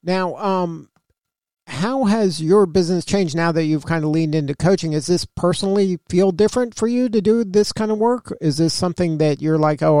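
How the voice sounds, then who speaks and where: A man's voice: a little high, vocal fry, dark tone, no echo, studio quality. A man hosting an interview, asking loose questions full of fillers. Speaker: interview host.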